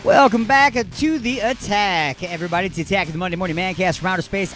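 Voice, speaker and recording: A man from the Detroit suburbs, hosting a radio show in a loud, rambling, ranting way. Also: high voice, quick pace, music in the background. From Detroit suburbs, Michigan. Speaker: radio host. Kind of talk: rambling comic radio talk.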